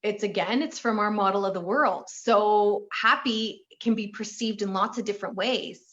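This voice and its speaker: A woman relationship coach talking in an interview, animated and acting out the voices of people she quotes. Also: medium pitch, moderate pace, lo-fi sound. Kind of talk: conversational interview.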